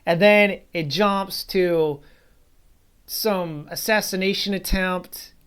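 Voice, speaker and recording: A man's voice: high voice, fairly even intonation, slow, a bit bright, clear, resonant tone. A man giving a casual spoken movie review, rambling and bluntly dismissive, with frequent asides.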